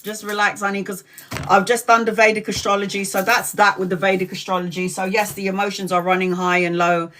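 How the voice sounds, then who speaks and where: A woman's voice: medium pitch, fairly bright tone. Frank, foul-mouthed woman tarot reader chatting live. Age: 40s. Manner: frank and chatty, swears freely; addresses viewers by name. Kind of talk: casual live-stream chat.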